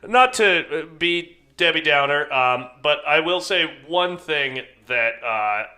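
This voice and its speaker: A man's voice: on the high side, measured pace, bright, forceful tone. A man co-hosting a film podcast in casual chat, thoughtful and hedging with plenty of filler words.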